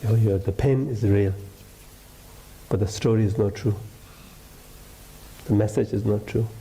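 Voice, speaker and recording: A man whose first language is Tibetan gives a gentle dharma talk as a meditation teacher, in simple broken English. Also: on the low side, steady tone, moderate pace, vocal fry, rough recording.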